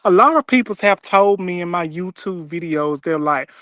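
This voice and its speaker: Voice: medium pitch, animated, normal speed, a bit bright, no echo, clean studio sound. A person from Mississippi with a Southern twang, chatting casually on a livestream in folksy country talk. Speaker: livestream co-host. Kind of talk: casual chat.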